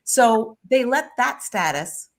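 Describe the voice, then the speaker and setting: A woman guest telling a personal story in a conversation, lively and full of restarts. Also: a little high, takes it slowly. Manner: animated anecdote with frequent restarts.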